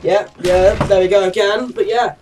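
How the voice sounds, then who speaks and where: A man's voice: sits high, steady tone, normal speed, distant mic, noisy background. A young man with a put-on Australian accent, giving chatty, rambling gameplay commentary and swearing casually. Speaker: gaming YouTuber.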